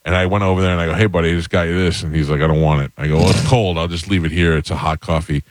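A male radio host with a deep, low voice who talks fast and loose, acting out every line of dialogue in his stories. He is close on a studio mic with a dry, tight sound and no room around him. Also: steady tone, no echo. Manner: storyteller acting out quoted dialogue. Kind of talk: casual radio talk.

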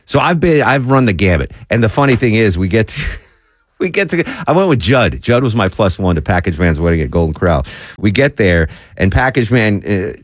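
A man's voice: lowish voice, fairly quick, dry recording. A man in his forties hosting a talk radio show, chatting casually and telling rambling stories with restarts. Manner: animated storyteller, rambling with restarts.

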